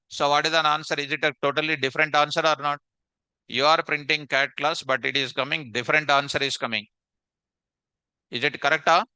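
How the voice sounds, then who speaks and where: A man's voice: a little high, bright, forceful tone, clear, resonant tone, no echo. A man teaching a programming class, repeating questions and quizzing his students. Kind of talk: live online coding class.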